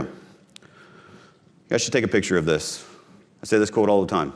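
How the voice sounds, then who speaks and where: A man's voice: low-pitched, moderate pace. A man from Missouri giving a live conference talk on sales, punchy and direct, repeating his key phrases and speaking straight to the audience. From Missouri, USA.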